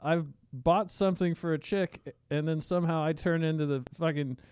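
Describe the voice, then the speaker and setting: A man's voice: on the high side, fairly even intonation, moderate pace, a little mellow, clear, resonant tone, no echo. A man co-hosting a comedy podcast, rambling through crude jokes and stories. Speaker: podcast co-host. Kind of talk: casual comedic chat.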